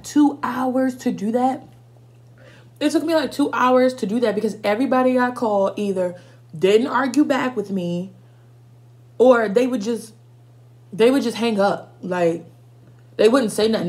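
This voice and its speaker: A young woman telling a storytime on her vlog in a fairly high voice. She is animated and cusses freely. She talks to the audience as y'all. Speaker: vlogger. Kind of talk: casual storytime while eating.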